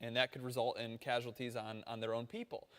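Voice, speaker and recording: A man preaching a sermon, telling a story with animated quoted voices. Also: medium pitch, fairly quick, big-room sound. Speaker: pastor.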